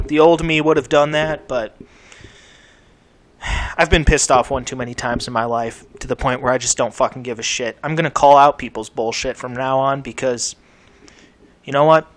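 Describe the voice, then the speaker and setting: A man's voice: medium pitch, normal speed. Ranting young man venting on camera. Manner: ranting, profane, swings from mutters to shouts. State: sore mouth. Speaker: gaming channel host. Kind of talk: angry vent to camera.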